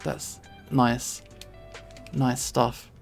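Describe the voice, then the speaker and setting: London-accented streamer, casual and self-deprecating, gravelly fry, soft music underneath. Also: mid-range voice, steady tone, very slow. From England. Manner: chatty, rambling, self-deprecating, laughs often. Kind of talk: casual chat while drawing. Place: home streaming setup.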